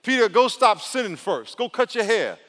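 A man playing a patient, inviting male teacher who calls his follower forward, in an animated, emphatic voice. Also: sits high, moderate pace, long reverb tail, voice pushed up, exaggerated voice. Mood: coaxing.

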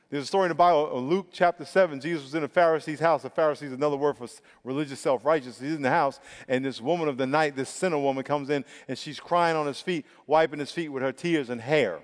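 A male pastor preaching a sermon with emphatic, drawn-out stresses and repeated words. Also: a little high. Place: church sanctuary. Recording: long reverb of a large hall.

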